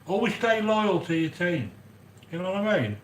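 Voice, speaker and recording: A man with a fairly high voice rambles excitedly while cooking, chatting to viewers by name. The room is echoey with faint noise behind him. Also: normal speed. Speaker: cooking video host. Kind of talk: chatty cooking livestream monologue.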